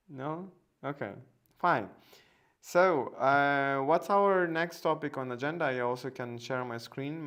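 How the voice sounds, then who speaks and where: A man's voice: medium pitch, a bit bright. A man hosting a casual live stream, talking hesitantly with many fillers and restarts. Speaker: host.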